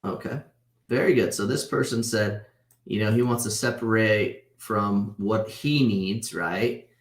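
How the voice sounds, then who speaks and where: A man in his thirties teaches a casual class over a video call, his voice sitting on the low side. He talks loosely and conversationally, checking in with his students by tagging points with "right?". The sound carries a roomy echo. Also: unhurried. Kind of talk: casual online class lecture.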